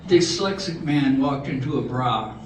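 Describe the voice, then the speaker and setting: An older man telling corny jokes at a talent show in a slow, halting way, often restarting his words. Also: mid-range voice. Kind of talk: stand-up joke telling. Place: large hall with live audience. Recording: echoey hall from far off, audience noise.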